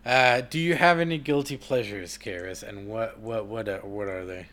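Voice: mid-range voice, moderate pace, a bit bright. A podcast host in casual chat who asks playful questions, laughs often and swears.

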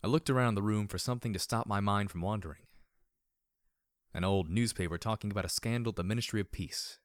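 A man reading a first-person story aloud in a measured, somber way. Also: on the low side, dry recording, studio quality. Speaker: audiobook reader.

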